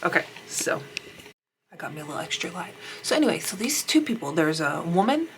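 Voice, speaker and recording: Young woman, gossipy get-ready-with-me chatter, low voice, faint room hum. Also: big pitch swings, brisk. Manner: chatty, rambling, laughs often, swears casually. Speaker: beauty vlogger. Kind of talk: casual storytelling while doing makeup.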